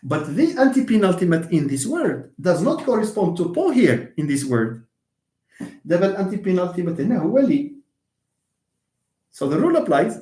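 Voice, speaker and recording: A man, teaching English linguistics in a live online lesson and answering questions, moving between quick asides and slow, careful explanation. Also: sits high. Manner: lively, switches between fast asides and slow syllable-by-syllable explanation. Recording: roomy echo.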